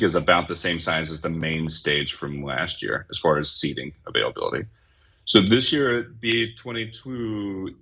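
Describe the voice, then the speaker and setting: Casting note: low-pitched man with a bright, forceful tone, upbeat guest in a casual chat. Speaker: guest, event organizer. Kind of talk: casual live audio chat.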